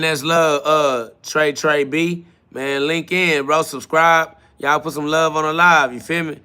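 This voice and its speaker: A man's voice: fairly high pitch, bright, forceful tone. A man hosting a live-stream podcast, reading out chat comments and answering them in a confrontational, profane, mocking way. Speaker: livestream podcast host.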